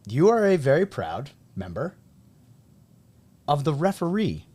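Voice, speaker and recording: A man in his thirties from New England, hosting a casual podcast conversation and telling stories in an animated way. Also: on the high side, unhurried, husky. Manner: animated storyteller, acts out quoted people. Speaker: podcast host and high school coach.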